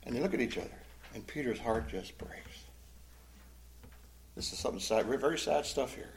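A man teaching a Bible class as a pastor, emotive, swinging between loud emphasis and hushed, sad tones. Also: mid-range voice, normal speed, creaky, a little hiss or hum, low-quality recording.

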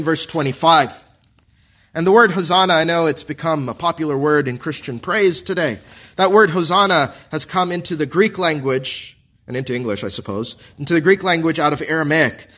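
A man preaching a sermon in an earnest way, asking the congregation questions and slowing down to stress quoted scripture. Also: a little high, sharp tone. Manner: earnest, asks the congregation questions and answers them.

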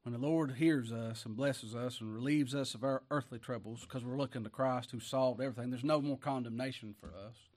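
A man preaching a folksy sermon, swinging between loud declaiming and hushed asides, chuckling often and talking in plain homespun speech. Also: mid-range voice, steady tone, fairly quick, hardly any pauses.

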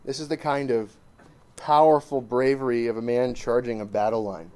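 A man's voice: mid-range voice, steady tone, moderate pace. Emphatic man preaching from scripture. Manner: emphatic, pushing the point hard, swinging between loud and hushed. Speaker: preacher addressing a church assembly. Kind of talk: sermon with scripture reading and commentary.

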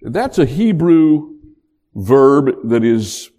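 A man preaching a sermon in an animated, emphatic way. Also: mid-range voice, extremely slow. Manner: animated, emphatic, acts out quotes.

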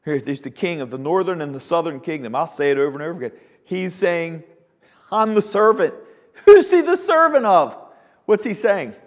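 A man leading a Sunday school Bible class, teaching in an animated, preacherly way with the odd chuckle. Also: on the high side, a little fast, in a large hall. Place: church classroom.

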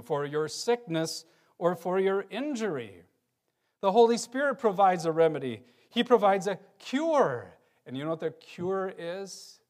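A man preaching a sermon, reading scripture aloud and swinging between loud emphasis and quiet, low passages. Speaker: pastor.

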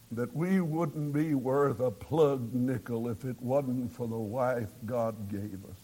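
A man's voice: a little high, a little mellow, husky. A man preaching a sermon, telling folksy stories and building to fervent emphasis.

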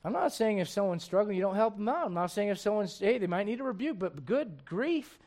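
High-voiced impassioned man preaching a sermon. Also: very animated, a little fast, darkish tone. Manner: impassioned and conversational, full of rhetorical questions.

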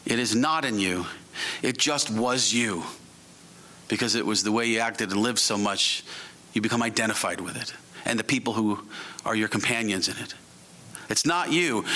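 A man preaching an evening sermon and leading a closing prayer, emphatic and drawing out key phrases slowly. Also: medium pitch, animated, sharp tone. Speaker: pastor.

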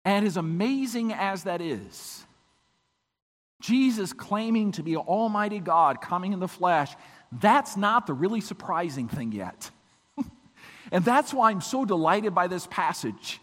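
A man with a high voice preaches in a church sanctuary, his sound trailing into a long reverb. His voice is weak this morning, yet he swings from hushed, low passages to emphatic, ringing peaks. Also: sing-song, measured pace. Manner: dramatic swings from quiet to emphatic. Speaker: pastor. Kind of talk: sermon.

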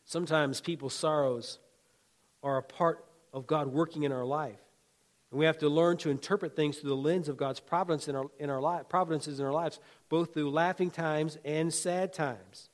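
A man's voice: fairly high pitch, fairly even intonation, moderate pace. A man preaching a sermon as a pastor, talking in a folksy, conversational way with humor and asides, and building emphatic, rhythmic exhortations.

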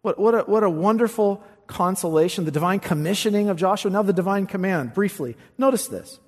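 A man preaching a sermon, reading scripture with emphasis and rising high on the quoted verses. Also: lively intonation, fairly quick. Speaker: pastor. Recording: long reverb of a large hall.

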